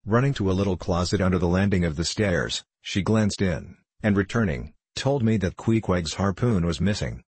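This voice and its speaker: A man narrates a classic novel in first person with measured, earnest storytelling. His voice is deep and husky. The recording is dry and close. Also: expressive, darkish tone, dry recording. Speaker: audiobook narrator.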